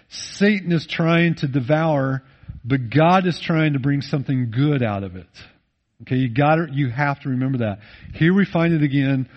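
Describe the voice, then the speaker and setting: A male pastor preaching a sermon, swinging between loud emphatic rises and low, intimate drops, and slowing down to read scripture. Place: church.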